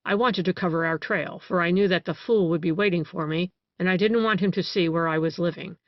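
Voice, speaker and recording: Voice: medium pitch, brisk, dry recording, natural voice. An audiobook reader voicing a boastful male detective who relishes telling his crimes, on a dry, dull recording.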